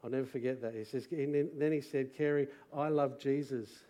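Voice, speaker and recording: A middle-aged Australian man preaching to a church congregation, moving from quiet personal testimony to loud rallying calls. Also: mid-range voice, steady tone, brisk. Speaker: pastor. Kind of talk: sermon testimony. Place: church service.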